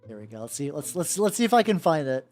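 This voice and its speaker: Lively, rambling VTuber chatting while painting. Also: mid-range voice, quick pace. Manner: rambling and profane, with frequent self-restarts; greets and chats with viewers while working. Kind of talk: casual live-stream chat while painting. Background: faint background music.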